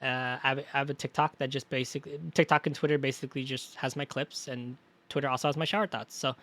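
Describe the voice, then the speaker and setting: A man's voice: mid-range voice, little pitch movement, quick pace, a bit bright, no echo. A young man chatting casually on a live stream, rambling and joking, often correcting himself. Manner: rambling, self-correcting, jokey.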